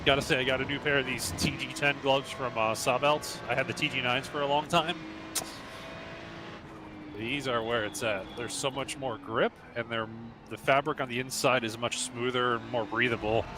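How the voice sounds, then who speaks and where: A man's voice: mid-range voice, steady tone, normal speed, noisy background. A man coaching as he drives on a live stream in a sim racing club, calling out short, clipped driving instructions in a running commentary.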